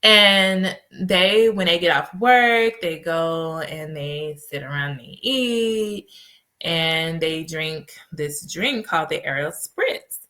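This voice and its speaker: Casting: woman host, lowish pitch but bright tone, chatty storyteller. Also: slow pace. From United States. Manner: animated storytelling with laughs. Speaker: podcast host and life coach. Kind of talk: casual solo podcast talk.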